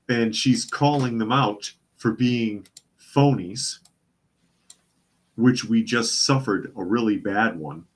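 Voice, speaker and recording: A man's voice: on the low side, takes it slowly. A man hosting a casual news commentary show, sarcastic and often repeating his phrases for emphasis. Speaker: host.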